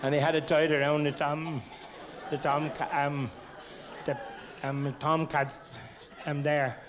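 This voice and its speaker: A man's voice: a little high, flat delivery, measured pace, crowd noise. Man doing a stand-up routine. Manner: stammering bits, mock-innocent delivery. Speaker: stand-up comedian. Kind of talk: stand-up storytelling. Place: theatre stage. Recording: noisy old VHS tape.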